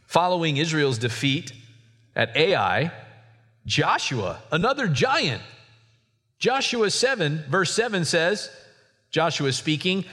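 A man preaching a sermon as a pastor, swinging from soft asides to sudden high emphasis. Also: big pitch swings, a little slow, long pauses. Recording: hall reverb.

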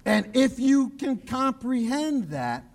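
Man, pastor, sermon, high voice, emphatic, repetitive, quiet low asides. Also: very animated, slow. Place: church broadcast on radio and online.

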